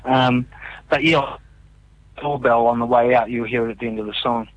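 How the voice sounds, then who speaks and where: A man's voice: mid-range voice, fairly even intonation, normal speed, no echo, muffled recording. A man, a musician guest chatting casually, a laid-back storyteller who laughs often and mimics people. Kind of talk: casual chat.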